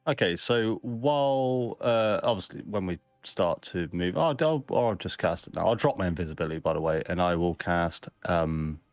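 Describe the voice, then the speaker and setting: Laid-back man with a low voice. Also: animated, normal speed, few pauses, no room sound, soft background music. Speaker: player. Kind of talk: casual tabletop play.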